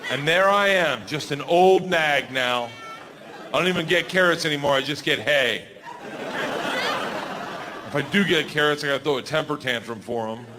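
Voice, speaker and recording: A man in his forties from the United States, doing a stand-up comedy routine with loud, animated storytelling. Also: a little high, moderate pace, pauses often. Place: large theater stage. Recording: live in a large hall with crowd. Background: audience laughter and noise.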